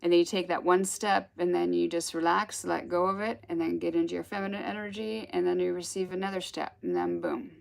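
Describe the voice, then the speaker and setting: A spiritual teacher gives a casual talk, her lowish voice expressive and a little fast, with vocal fry and few pauses. She tells stories in a rambling, chatty way, laughing as she goes.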